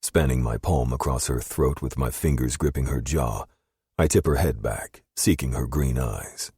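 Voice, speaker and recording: A man reads a first-person romance audiobook with a very deep, husky voice. His delivery is intimate and brooding, recorded dry and close. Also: normal speed, mellow, no echo. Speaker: audiobook narrator.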